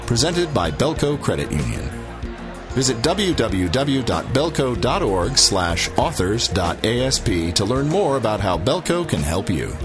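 A man's voice: medium pitch, sing-song, a little slow. A man hosting a podcast, reading a scripted show introduction in an announcer-like manner. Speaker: podcast host. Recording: voice over loud music. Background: music.

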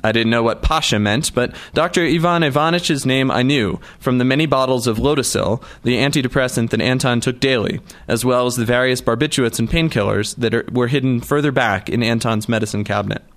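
A man reading a novel aloud in a measured storytelling manner. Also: medium pitch, a bit bright. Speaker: audiobook narrator. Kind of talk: scripted narration.

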